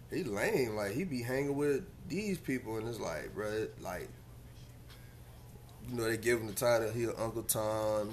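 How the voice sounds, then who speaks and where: A man's voice: fairly low pitch, slight background noise. A man hosting his own podcast in a casual solo monologue, talking in a laid-back, slang-heavy way and pressing his advice with emphasis. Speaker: podcast host.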